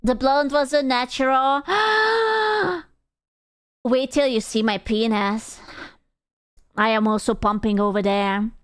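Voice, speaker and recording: A woman streamer chatting casually and reading comments, swearing freely and reacting with loud laughs and mock outrage. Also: high voice, takes it slowly, smooth, no room sound, studio quality.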